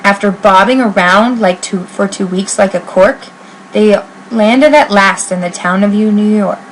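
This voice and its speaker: A woman reading a children's picture book aloud in an expressive, sing-song rhyming voice. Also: medium pitch, a little slow, a little hiss or hum, poor audio. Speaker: reader.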